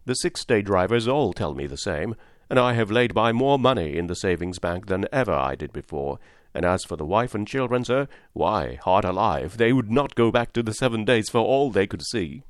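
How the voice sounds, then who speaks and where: A man's voice: fairly low pitch, lively intonation, normal speed, no room sound, studio quality, lightly acted. A man reading an earnest honest cabman. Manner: earnest, respectful, plain-spoken. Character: honest hardworking male London cabman, steady and devout. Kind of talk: audiobook character reading.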